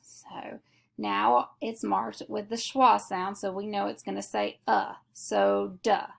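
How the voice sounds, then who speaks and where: A woman teaching a phonics lesson, explaining each step slowly and methodically. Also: mid-range voice, little pitch movement, gravelly. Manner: slow, deliberate, methodical explanation.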